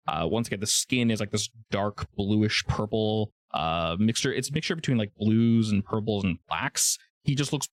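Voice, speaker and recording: A man's voice: fairly low pitch, normal speed, few pauses, no echo. A man running a tabletop role-playing game as game master, explaining rules casually with fillers.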